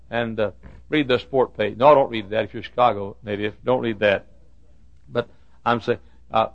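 A man's voice: mid-range voice, creaky, a bit bright, no room sound. A man preaching to school staff in a folksy sermon, telling humorous stories with self-deprecating asides. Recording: dull lo-fi recording.

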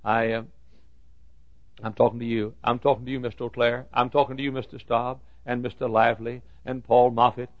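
A man's voice: medium pitch, level tone, brisk, no echo. A man preaching to school staff in a folksy sermon, telling humorous stories with self-deprecating asides. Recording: dull lo-fi recording.

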